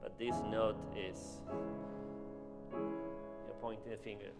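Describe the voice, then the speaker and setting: A man coaching a singer in a masterclass, talking in an animated, emphatic and dramatic way. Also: fairly low pitch, slow. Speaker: voice teacher. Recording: reverberant hall with music.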